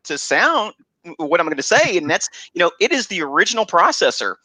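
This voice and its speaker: A man hosting a radio interview, talking haltingly with many restarts and warm praise for his guest. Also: high-pitched, very animated, no room sound. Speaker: host. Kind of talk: casual interview chat.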